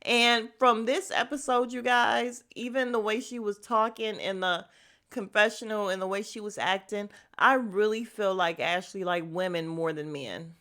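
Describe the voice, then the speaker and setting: A woman's voice: medium pitch, fairly even intonation, normal speed, a bit bright. Blunt, chatty woman recapping reality TV. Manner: chatty, blunt, slangy, laughs often. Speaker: podcast host.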